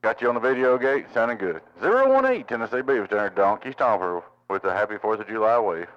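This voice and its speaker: A man's voice: lowish voice, sing-song, quick pace, fairly bright tone, dry recording. A man, a CB radio operator greeting callers with call signs and holiday wishes. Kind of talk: radio chat. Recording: lo-fi CB radio audio.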